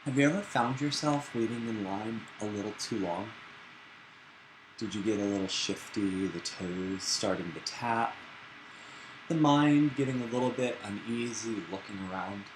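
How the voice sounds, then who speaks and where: A man teaching a live-streamed yoga class in a relaxed, chatty and playful way. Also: fairly low pitch, moderate pace. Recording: roomy echo with background noise.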